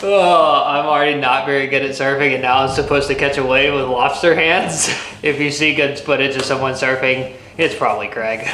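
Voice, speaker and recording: A man hosting a travel vlog, upbeat and quick to laugh, talking into a handheld camera. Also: medium pitch, steady tone, bright, forceful tone, slight background noise. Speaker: vlog host.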